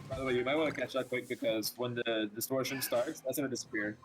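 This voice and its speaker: A man's voice: medium pitch, steady tone, fast talker, poor audio. A man co-streaming a game in casual chat, coaching the player and repeating his advice insistently. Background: game music.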